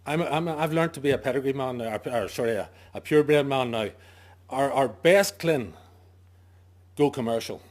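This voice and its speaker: Emphatic farmer giving a talk. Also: male voice, mid-range voice, moderate pace. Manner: emphatic, asks himself questions and answers them; jokey asides. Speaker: sheep farmer giving a presentation. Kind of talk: informal talk to a farming audience.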